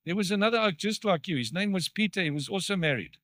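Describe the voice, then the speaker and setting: A man's voice: high voice, lively intonation, fast talker, a bit bright, no room sound, clean studio sound. A man preaching a sermon in church, talking conversationally and asking the congregation questions. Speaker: pastor.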